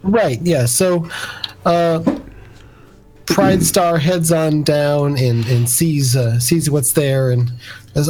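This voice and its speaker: Man game master, slightly high voice. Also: slight background noise, rough recording. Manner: relaxed, halting, full of fillers. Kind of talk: narrating a tabletop game.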